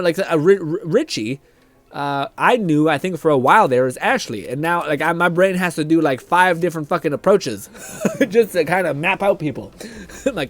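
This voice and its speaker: A man's voice: on the high side, normal speed, no room sound. A young man streaming live, chatting casually, reading chat aloud, laughing often and swearing freely.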